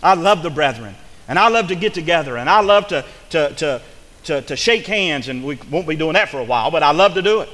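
Fervent preacher in a reverberant hall. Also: male voice, on the high side, animated, brisk, a bit bright. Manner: fervent preaching with repeated phrases and restarts. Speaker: pastor. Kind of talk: sermon.

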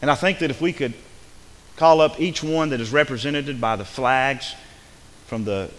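A male pastor preaching a sermon in a church sanctuary, swinging from fervent, emphatic passages down to soft, quiet ones. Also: mid-range voice, moderate pace. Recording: reverberant hall with faint hiss.

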